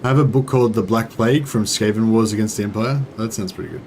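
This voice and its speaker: A man hosting a let's play, commenting casually and thinking out loud as he goes. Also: fairly low pitch, fast talker, a little hiss or hum. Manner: casual, rambling, thinking aloud. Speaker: gaming channel host.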